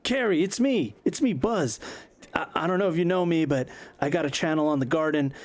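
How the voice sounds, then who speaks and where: A man voicing an overexcited male streamer who gushes and talks fast. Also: a little high, expressive, no room sound, faint music behind, pitched above the performer's own voice, natural voice. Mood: hyped. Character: hyper excitable male streamer vlogger.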